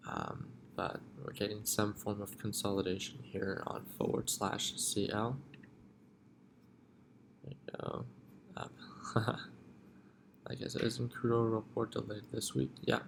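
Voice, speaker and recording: Guy hosting a live stream from home, talking quiet, gravelly low voice. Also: background noise. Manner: talking quietly, relaxed and unhurried. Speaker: trading livestream host. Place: home at night.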